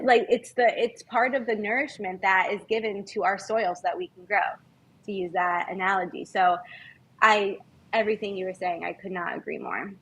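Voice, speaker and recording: A woman guest on a podcast, speaking in an earnest, heartfelt, measured way in casual conversation. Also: mid-range voice, breathy edge, low-quality recording.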